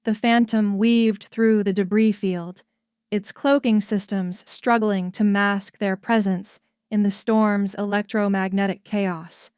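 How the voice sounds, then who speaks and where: A woman narrates a sci-fi story at an unhurried, slow pace. Her voice is smooth and resonant, recorded close and dry with no room sound. The telling stays steady and even. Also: medium pitch, no echo.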